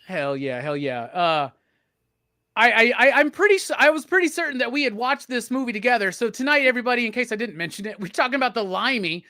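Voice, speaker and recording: A man's voice: very high-pitched, lively intonation, fast, pushed and bright, no echo, clean studio sound. A man hosting a movie review panel, brash and joking, swearing freely. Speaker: host. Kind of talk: casual movie review chat.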